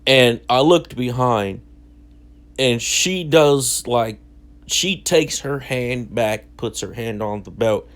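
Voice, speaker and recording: A young man casually telling a story from his childhood in slangy, self-mocking talk. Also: medium pitch. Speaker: vlogger.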